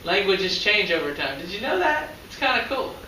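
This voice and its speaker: A man's voice: sits high, very animated, normal speed, bright, forceful tone. A man giving a classroom lecture as a biology teacher, chatty and often asking the class questions. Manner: conversational, asks the class questions. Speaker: high school biology teacher. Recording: echoey classroom from far off, faint noise.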